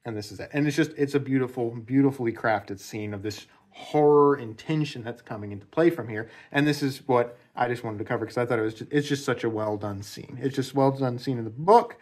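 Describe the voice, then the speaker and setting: A man's voice: mid-range voice, a little fast, hardly any pauses. A man giving a casual spoken analysis of a novel, rambling and repeating himself, with many fillers. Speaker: book commentator.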